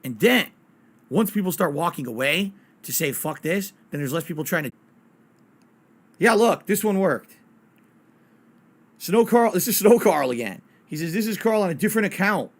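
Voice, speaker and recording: A man's voice: high-pitched, expressive, normal speed, long pauses. A man streaming games live, chatting casually and ranting bluntly with plenty of swearing. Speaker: game streamer.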